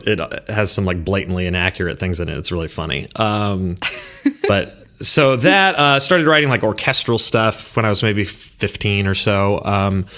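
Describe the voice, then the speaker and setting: A man's voice: on the low side, a bit bright. A man from Southern California, a musician guest on a podcast, rambling in casual chat and poking fun at himself. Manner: rambling and self-deprecating, with frequent fillers and laughs.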